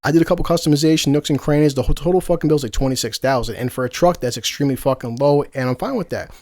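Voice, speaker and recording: Podcast host, man, 40s, quick profane storyteller, slightly high voice. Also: darkish tone, dry recording. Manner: profane, rambling, laughs through his stories. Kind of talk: casual chat.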